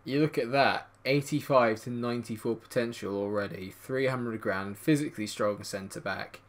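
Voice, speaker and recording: A man casually commentating his own football video game, muttering through menus and yelping high when chances come. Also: moderate pace. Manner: swings from quiet mumbling to excited high-pitched yelps at goals. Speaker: gaming commentator.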